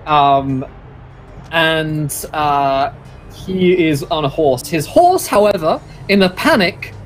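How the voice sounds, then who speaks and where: A man's voice: on the high side, expressive, takes it slowly, soft background music. A man narrating a tabletop game as game master, casual with many fillers.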